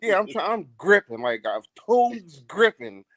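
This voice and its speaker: Animated male storyteller, loose and profane, very expressive pitch, dry mic. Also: unhurried, dry recording. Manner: animated, profane, laughs while telling. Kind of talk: casual podcast storytelling.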